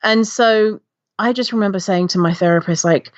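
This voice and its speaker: A woman guest telling her personal story with animation, acting out past reactions in a high voice. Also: moderate pace, no room sound, highs cut off. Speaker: podcast guest, body-image activist.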